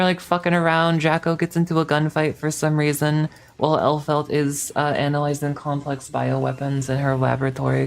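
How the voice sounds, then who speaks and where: A woman's voice: low-pitched, creaky. A woman streamer giving a rambling, profane, sarcastic recap in casual chat.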